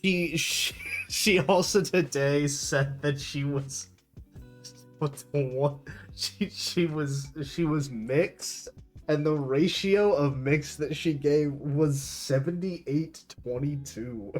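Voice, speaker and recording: A man's voice: a little high, slow pace, faint music behind. A young man chatting casually on his stream, rambling, amused and laughing often.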